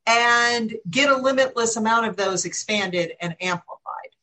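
A woman hosting a spiritual conversation, stretching out her words in slow, emphatic phrases. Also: a little high, sharp tone, faint music behind, rough recording. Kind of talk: spiritual talk.

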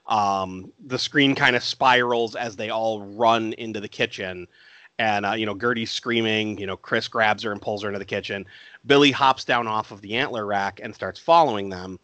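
A man's voice: fairly low pitch, pushed and bright, dry recording. Man recapping a film, dry sound. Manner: laughs often, recounts scenes. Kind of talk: casual chat recapping a film plot.

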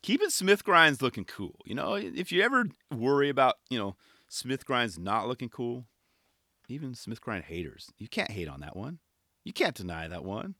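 A man's voice: mid-range voice, bright, forceful tone, dry recording, studio quality. A man giving casual commentary on a skate video in laid-back skater slang, often tagging on "right?" and "you know".

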